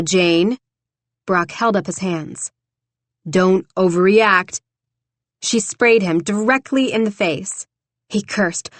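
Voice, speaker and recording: A woman reads romance fiction as an audiobook narrator, with a steady, even storytelling manner. Her voice sits mid-range, and the studio sound is close and dry. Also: medium pitch, no echo.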